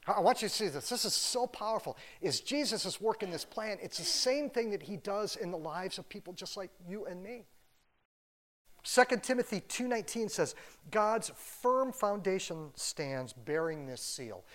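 A man preaching a sermon in a loose, conversational way, sprinkling "like" through his sentences. His voice sits a bit high, and his delivery stays animated and easygoing. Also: brisk. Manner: casual, animated, many "like" fillers. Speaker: pastor.

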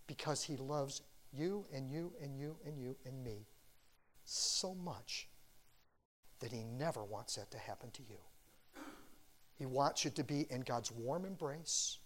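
A man preaching a sermon as a pastor, earnest, swinging from loud urging to hushed quiet. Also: medium pitch.

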